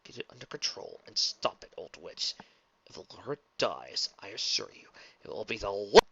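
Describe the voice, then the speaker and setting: A man's voice: mid-range voice, normal speed, a little hiss or hum, close to an everyday voice. A man voicing an arrogant young villain prince who barks orders imperiously, in a dull lo-fi recording. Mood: furious.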